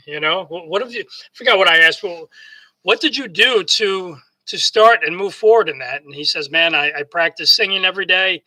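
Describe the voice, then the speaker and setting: Male motivational speaker, New York accent, very bright high voice, rambling storyteller. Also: poor audio. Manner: rambling, repeats words and restarts often; acts out both sides of remembered conversations. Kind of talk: casual storytelling monologue.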